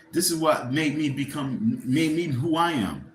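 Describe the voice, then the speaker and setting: A man's voice: on the high side, fairly quick, reverberant, slight background noise. A man hosting a livestream, ranting casually and profanely in a rambling, heated way and speaking directly to his viewers. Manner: addresses viewers directly, asks for likes. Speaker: livestream host.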